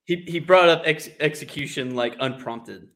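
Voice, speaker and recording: A man's voice: on the high side, moderate pace, a bit bright. A young man co-hosting a casual sports podcast, laid-back and agreeable, joking along.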